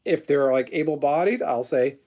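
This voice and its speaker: Man, 30s, livestream host, higher-pitched voice, blunt rambling delivery with swearing. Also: normal speed, a little mellow. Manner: rambling, profane, blunt storytelling; replies to chat messages. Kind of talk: casual livestream chat.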